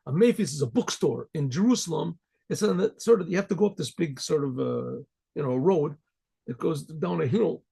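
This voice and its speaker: A man, a rabbi, telling a folk story in a rambling way, often clearing his throat and restarting. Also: on the high side, lively intonation, normal speed, warm tone. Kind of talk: oral storytelling.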